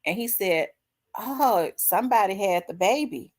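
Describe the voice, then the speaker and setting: A middle-aged woman, hosting her own show and candidly telling a personal story, acting out the dialogue with big swings in her voice. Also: a little slow. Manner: animated, acts out quoted dialogue with big pitch jumps. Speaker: host.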